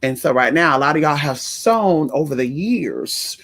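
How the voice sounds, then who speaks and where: A man's voice: on the high side, expressive, normal speed, fairly bright tone. Sassy, campy man chatting on a livestream. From Puerto Rican family in the US. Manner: sassy, profane, campy, greets viewers in chat. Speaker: livestream host and spiritual reader. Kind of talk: casual livestream chat.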